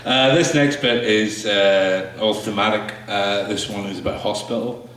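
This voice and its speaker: A man performing his spoken word poetry to a small audience, slow and halting between pieces, with fillers and restarts. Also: on the low side, fairly even intonation, fairly bright tone, a little hiss or hum. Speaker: poet performing his work. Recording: echoey room, mic far off.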